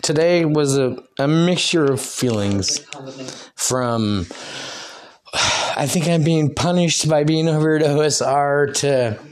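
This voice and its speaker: A man's voice: a little high, slow pace. A man hosting a loose solo podcast, talking in a rambling, profane way and laughing between thoughts. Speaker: podcast host.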